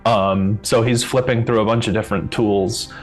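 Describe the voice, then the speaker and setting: A man's voice: fairly low pitch, fairly even intonation, normal speed, soft background music. A man playing a tabletop game, casually describing his character's actions. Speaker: player.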